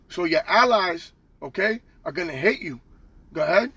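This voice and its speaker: A man's voice: high voice, lively intonation, moderate pace, sharp tone, husky. A man teaching from the Bible in a casual street style, tagging nearly every line with "okay?" and "all right?", slangy and profane.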